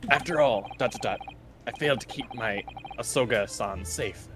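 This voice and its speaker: A man plays an earnest, dutiful ship inspector in a fan dub of a game, his voice sitting in a middle register. He reads slowly and deliberately and slips in pirate-like asides, with game music clearly audible behind him. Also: medium pitch, natural voice.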